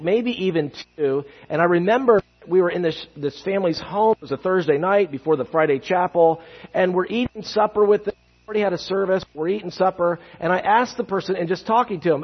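Animated preacher in a reverberant church. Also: male voice, on the high side, fairly quick, slightly rough. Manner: animated storyteller acting out quotes. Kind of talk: sermon with storytelling. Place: church sanctuary. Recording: muffled sound in a reverberant church.

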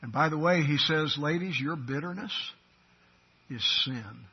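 A preacher with a high, husky voice delivers a sermon, his volume rising to forceful emphasis and dropping to near-hushed asides. The recording is dull and lo-fi. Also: a little slow. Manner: swings from loud emphatic preaching to quiet intimate asides. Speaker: pastor.

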